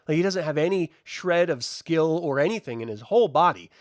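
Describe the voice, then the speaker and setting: A man's voice: on the high side, expressive, a little fast, dry recording, clean studio sound. A man giving a casual, sarcastic, profane review and ranting in exasperation. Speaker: video reviewer.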